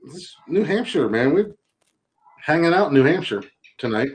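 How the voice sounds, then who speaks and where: A man's voice: on the high side, very animated, moderate pace. A man co-hosting a podcast in casual chat, telling rambling stories with lots of laughter. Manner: joking storyteller, rambling, laughs often. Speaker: podcast co-host.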